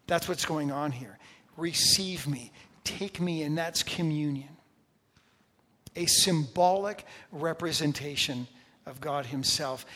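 A man's voice: on the high side, fairly bright tone. A man preaching a sermon as a pastor, conversational at first and building to emphatic intensity. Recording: long hall reverb.

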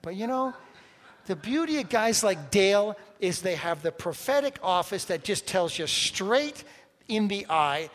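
A man's voice: high voice, expressive, moderate pace, fairly bright tone, long reverb tail. A man preaching a sermon as a pastor, telling stories in a conversational way with humorous asides.

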